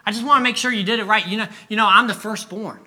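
A man putting on a frightened little firstborn boy, his voice pitched up high and bright as he pleads in quick, stammering bursts. The boy frets and begs for reassurance, asking again and again, told in a preacher's storytelling sermon. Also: exaggerated voice. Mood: pleading. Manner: rushed, stammering, worried pleading. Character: anxious young firstborn boy, fretful and pleading.

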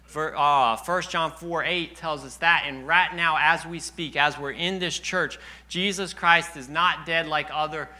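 A man's voice: a little high, steady tone, unhurried, bright, forceful tone. A young man preaching a sermon in a church, telling earnest personal stories, at times choked up.

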